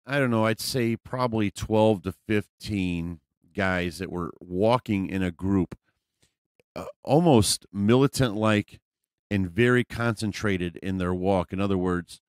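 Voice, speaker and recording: A man's voice: lowish voice, clean tone, no room sound, clean studio sound. A man vlogger telling a personal story in a casual, rambling way, full of fillers and profanity.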